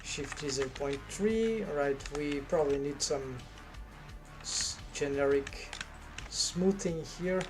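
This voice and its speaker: Slow, hesitant man thinking aloud. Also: fairly high pitch, over music. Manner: hesitant, muttering half-finished thoughts. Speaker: 3D artist streaming his work. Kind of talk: thinking aloud while modeling.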